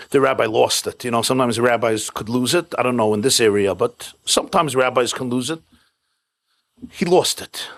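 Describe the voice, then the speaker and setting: At a private home event with a live audience, a rabbi gives a keynote sermon, blending jokes and stories in short, punchy, repeated phrases. He speaks fairly quickly at a medium pitch.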